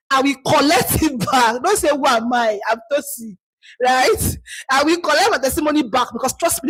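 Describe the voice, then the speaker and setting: A woman with a Nigerian accent leads a live online community call, bluntly scolding the members listening. Her voice sits high, and the recording is dry and low in quality.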